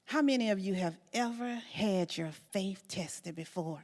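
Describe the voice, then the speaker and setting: A middle-aged woman gives a church testimony at a slow, deliberate pace, building drama through repetition and emphatic swells. Her voice rings out with long reverb from the church sanctuary. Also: mid-range voice, darkish tone. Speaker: guest speaker.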